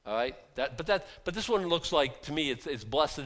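Folksy preacher man, loud emphatic bursts. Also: lively intonation, moderate pace. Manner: conversational, swings between low asides and loud emphatic bursts; repeats words and restarts, folksy phrasing. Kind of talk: casual sermon to a small group.

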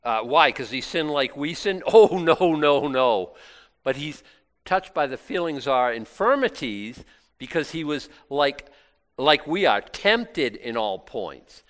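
A man's voice: mid-range voice, big pitch swings, slow, fairly bright tone. A middle-aged man preaching a casual, conversational sermon, acting out little asides and laughing now and then. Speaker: pastor.

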